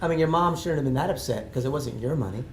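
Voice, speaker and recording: A man interviewing a guest on stage, jumping in with quick questions. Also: mid-range voice, darkish tone, far from the mic, slight background noise. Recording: echoey room, faint ambience.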